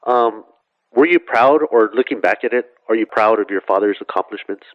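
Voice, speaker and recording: A man with a lowish voice asks questions as an interviewer, starting and restarting as he fills the gaps with small verbal padding. The recording is dull and lo-fi, close and dry with no room sound. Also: dry recording. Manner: halting, padded with "you know".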